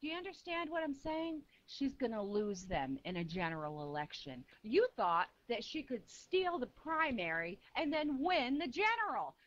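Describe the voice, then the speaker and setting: A woman's voice: high-pitched, big pitch swings, normal speed, few pauses, a bit bright. A woman in a heated, profane political rant, firing off rhetorical questions at her listener. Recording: dull lo-fi recording.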